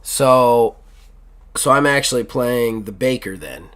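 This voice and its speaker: A man's voice: medium pitch, expressive, slow, a bit bright, clear, resonant tone. A man narrating his turn in a tabletop game, describing a scene loosely with many fillers and restarts. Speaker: player. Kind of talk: actual play of a journaling tabletop game.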